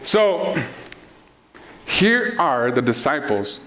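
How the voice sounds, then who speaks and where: A man's voice: on the high side, very animated, extremely slow, bright, forceful tone. A middle-aged man preaching a sermon in a playful, conversational way, acting out the people in his stories. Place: congregation hall.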